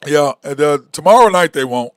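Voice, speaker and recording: This sports talk show host has a fairly high voice and a fairly quick pace, recorded with no room sound. He talks sports casually, bluntly, and with animation, leaning on "okay?" and "bro" again and again.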